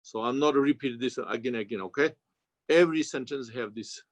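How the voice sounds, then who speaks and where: A man with a Tibetan accent, a Buddhist teacher giving a slow, halting dharma commentary in non-native English. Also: medium pitch, no room sound. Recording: dull, lo-fi sound.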